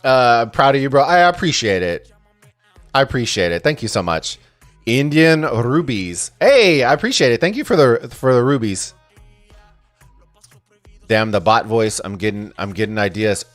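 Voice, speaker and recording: A man casting a strategy game tournament on a live stream, excitable and chatty, swearing freely as he reads viewer messages. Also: medium pitch, moderate pace, dry recording, soft background music. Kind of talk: casual live-stream commentary and chat reading.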